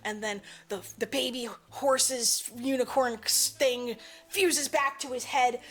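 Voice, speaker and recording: A woman's voice: sits high, fairly even intonation, takes it slowly, a bit bright. A woman co-hosting a podcast, recapping a movie in a rambling, casual way, full of "like" and swearing. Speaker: podcast co-host.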